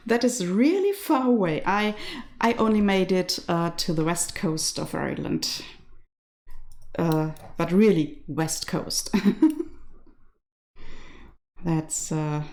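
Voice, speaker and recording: A woman's voice: on the low side, a little mellow. A woman from Germany with a German accent, hosting a casual knitting live stream from her home and chatting with viewers, laughing often. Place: home in rural west Ireland.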